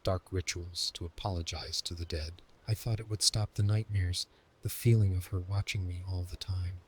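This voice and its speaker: Brief: deep, husky man reading as a guilty middle-aged office worker, barely acted. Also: steady tone, moderate pace. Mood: confessing.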